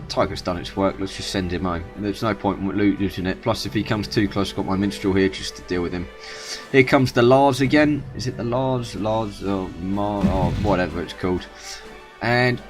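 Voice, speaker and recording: Rambling man narrating gameplay, music behind. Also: fairly low pitch. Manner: rambling, self-correcting, chatty. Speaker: gaming YouTuber. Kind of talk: gameplay commentary.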